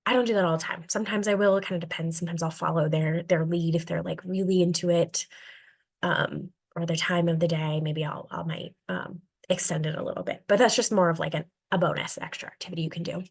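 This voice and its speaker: A woman's voice: lowish voice, fairly even intonation, fast talker, vocal fry. A woman who teaches languages to young students, chatting casually about her reading strategies with lots of fillers and acted-out classroom exchanges. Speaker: elementary world language teacher.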